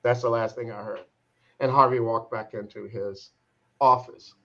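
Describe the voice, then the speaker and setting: Brief: male coach, mid-pitched, halting storyteller who acts out quotes, lightly muffled recording. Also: steady tone, bright, forceful tone. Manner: reflective, halting, repeats words while searching for them. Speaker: transformation coach. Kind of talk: telling a personal story in an interview. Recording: slightly dull, muffled sound.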